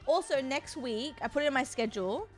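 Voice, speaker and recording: A young Australian woman streamer chatting casually with her viewers in a bubbly, chatty way. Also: soft background music. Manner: bubbly and chatty, quick swings up in pitch.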